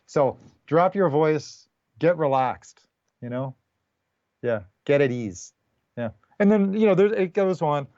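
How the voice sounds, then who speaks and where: A man's voice: a little high, unhurried, long pauses, no echo. Male guest teacher, loose and encouraging, muffled dry call audio. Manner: relaxed, rambling, encouraging. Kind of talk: casual spiritual talk.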